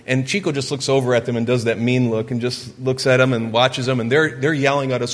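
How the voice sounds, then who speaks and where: A man in his forties from Michigan telling a personal story during a sermon, earnest and lively. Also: medium pitch, fairly quick, few pauses. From Michigan, USA. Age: 40s. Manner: earnest storytelling, gets lively acting out quotes. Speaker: preacher. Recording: long hall reverb.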